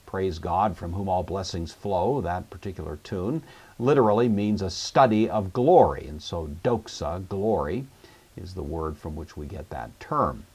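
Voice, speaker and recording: A man giving a recorded Greek lesson, explaining in a measured, methodical way and repeating each word. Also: sits low, expressive, a little mellow, husky. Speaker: Greek teacher. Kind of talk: recorded lecture.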